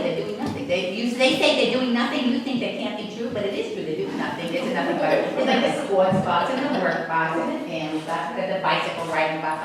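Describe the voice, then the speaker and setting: A woman's voice: mid-range voice, close to an everyday voice. A woman doing a brassy old New Jersey great-aunt. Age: older. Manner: brassy, teasing, flirts with the crowd. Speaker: comedic character. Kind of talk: stand-up character comedy. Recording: echoey hall from far off with audience. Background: live audience.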